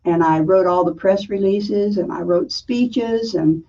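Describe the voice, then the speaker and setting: An older woman from Florida, an author guest, telling stories in an animated way with lively quoted voices. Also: medium pitch, unhurried. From Southern US, Florida. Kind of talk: storytelling interview. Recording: muffled, distant mic.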